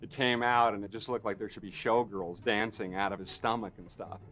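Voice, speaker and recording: A man in an interview telling a behind-the-scenes story, animated and acting out what others said, with lots of "you know". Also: lowish voice, brisk, soft background music. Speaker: interviewee recounting film work.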